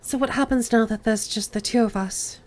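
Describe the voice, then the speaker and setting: A woman's voice: a little high, fairly quick, a little mellow, natural voice. Woman putting on a posh British game hero. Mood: earnest. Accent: put-on posh British. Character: adult woman game hero, polite and earnest.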